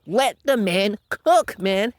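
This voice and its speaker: A man's voice: high voice, lively intonation, slow pace, no echo, voice pushed up. A man voicing an overhyped male fan in a hyped, pleading way.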